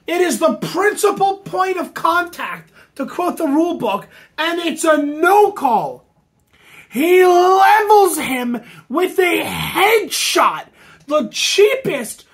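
High-voiced woman ranting about hockey. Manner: excitable, ranting, sarcastic, often shouting. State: losing her voice from screaming. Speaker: hockey podcast host. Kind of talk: fan commentary rant.

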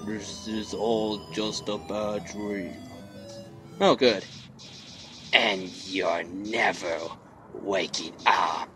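A man voicing a sinister, cruel little flower creature with a low, strained growl, reading game dialogue in a mocking, menacing way. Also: steady tone, extremely slow, pauses often, sharp tone, faint music behind, full character voice.

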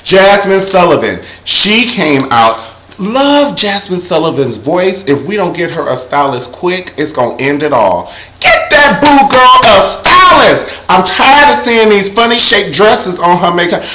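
A man's voice: high voice, sing-song, unhurried, reverberant, very noisy. A young man giving a sassy, campy recap of an awards show, breaking into sung impressions. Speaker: vlogger reviewing an awards show.

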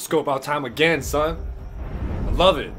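A man's voice: on the high side, unhurried, fairly bright tone. Young guy talking over his gameplay, swears a lot, game music going behind him. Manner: loose, profane, hyped chatter. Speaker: gaming channel commentator. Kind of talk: casual gameplay commentary.

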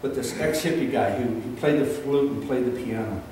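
A man preaching a sermon as pastor, telling a story that builds into fervent, shouted preaching. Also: medium pitch, moderate pace, slight background noise. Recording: echoey room, distant mic.

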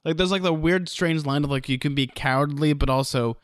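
A man's voice: a little high, fairly quick, clean tone, no room sound, studio quality. A man co-hosting a casual podcast chat, jumping in eagerly and finishing the other host's sentences. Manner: enthusiastic, chimes in and finishes sentences. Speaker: podcast co-host.

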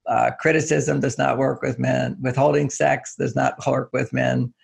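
A man's voice: mid-range voice, level tone, normal speed, gravelly, breathy edge. An older man being interviewed as a relationship author, explaining with everyday examples and acting out little quotes in a raised voice. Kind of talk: casual interview talk.

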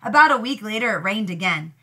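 A woman teacher reading a storybook aloud to young pupils with expressive storytelling. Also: medium pitch, quick pace.

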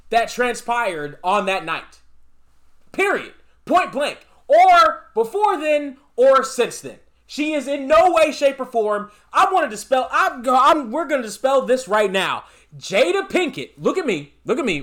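Male vlogger with a very high, animated voice; emphatic, repetitive commentary. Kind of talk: casual commentary vlog.

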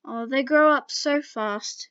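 A woman's voice: a little high, measured pace, natural voice. A woman voicing a goofy, teasing old man, in a dull lo-fi home recording.

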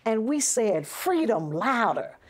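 A woman's voice: medium pitch, a little slow. A woman interviewee recounting a childhood memory as a vivid, detailed storyteller. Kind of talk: storytelling recollection.

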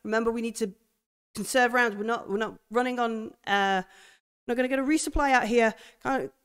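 A hard-bitten female soldier, as a woman game master voices her, barking clipped orders and swearing as she keeps her partner moving. The voice is firm, smooth and direct. It sounds like a commander in a tense tabletop game. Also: a little high, a little fast, fairly bright tone, long reverb tail, natural voice. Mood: commanding. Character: tough female soldier leader, steady under fire. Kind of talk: game master voicing a character.

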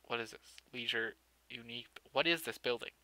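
A young man talks through his city-building game in a loose, joking way, full of dry sarcasm and jabs at himself. His voice is very bright and tight. The sound is dry and close, with no room around it. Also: medium pitch, a little fast, no room sound. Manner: joking, sarcastic, self-mocking, often laughing. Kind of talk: casual let's-play commentary.

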